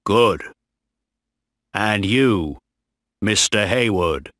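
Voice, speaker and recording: A stern, commanding ship captain, as a male reader voices him gives curt orders at a very slow, deliberate pace. The delivery rises and falls a lot, low-pitched, in a dry, close sound. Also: expressive, a bit bright, no echo, full character voice.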